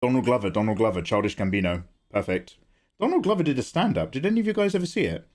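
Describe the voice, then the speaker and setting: A young man chats casually while drawing on a livestream, drifting between topics and laughing a lot as he tells rambling anecdotes. His mid-range voice is sing-song and darkish, and he talks at a quick pace.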